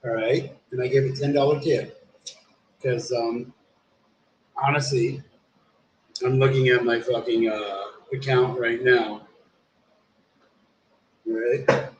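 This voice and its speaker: A man's voice: medium pitch, level tone, takes it slowly, pauses often, dull audio. Tipsy man rambling in an echoey room. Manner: rambling, profane, says "dude" a lot. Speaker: live streamer. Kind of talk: casual livestream storytelling. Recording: roomy echo, faint background hum.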